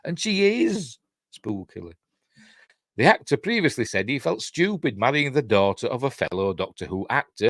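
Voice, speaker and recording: A man's voice: mid-range voice, big pitch swings, a little fast, no room sound, clean studio sound. An older man with a Yorkshire accent hosting a live-stream news show, reading entertainment stories aloud with chatty, rambling asides and self-mocking jokes.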